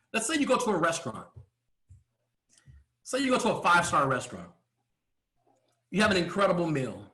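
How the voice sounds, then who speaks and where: A man giving a motivational business coaching talk, emphatic, asking rhetorical questions and often clearing his throat. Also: high voice, pushed and bright, roomy sound.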